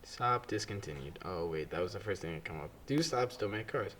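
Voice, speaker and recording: A man's voice: sits low, expressive, fairly quick, a bit bright. A young man co-hosting a casual podcast, telling stories with lots of energy, swearing freely and mimicking other people's voices. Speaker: podcast co-host. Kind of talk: casual chat.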